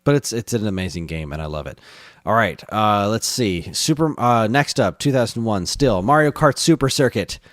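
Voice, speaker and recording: A fairly low-voiced man co-hosts a gaming podcast in loose, casual chat. He is enthusiastic and rambling, and laughs often. His voice is close and dry on a studio mic. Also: expressive, normal speed, a bit bright, dry recording. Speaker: podcast co-host.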